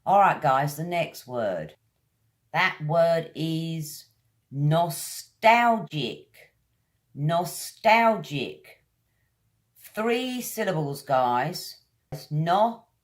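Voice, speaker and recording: Slow-paced British woman teaching pronunciation. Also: sits low, big pitch swings. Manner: slow, drawn-out drills of each word. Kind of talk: vocabulary lesson.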